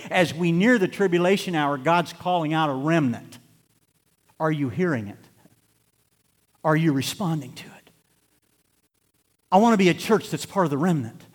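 A man preaching a sermon as pastor, swinging between loud, laughing bursts and hushed, slow scripture reading. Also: a little high. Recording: long hall reverb.

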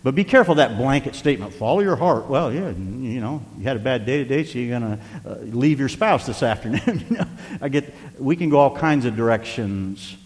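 Older man, pastor, folksy sermon, swings from loud to soft, long reverb. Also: medium pitch, lively intonation, brisk. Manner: folksy, varies loudness for emphasis, occasional chuckles.

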